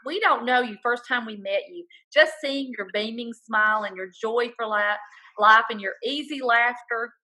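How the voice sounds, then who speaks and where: Effusive woman host, bright voice. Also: fairly high pitch, normal speed, poor audio. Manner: effusive, earnest, stretches key words. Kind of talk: hosting a video call interview. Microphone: video call.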